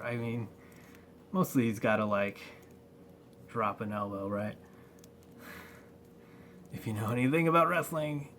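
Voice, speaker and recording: A man talking through a toy review at an unhurried, drawn-out pace. He rambles and halts often, with plenty of fillers. A faint hiss of background noise sits behind his voice. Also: medium pitch, bright, forceful tone. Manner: rambling, halting, many fillers. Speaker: toy collector vlogger. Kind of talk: casual unboxing review.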